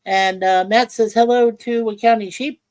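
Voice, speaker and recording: A woman hosts a casual livestream from home. She rambles in halting phrases full of fillers and greets chat viewers by name. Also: fairly high pitch, steady tone, a little mellow, low-quality recording. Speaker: livestream host. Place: home in Ontario, Canada.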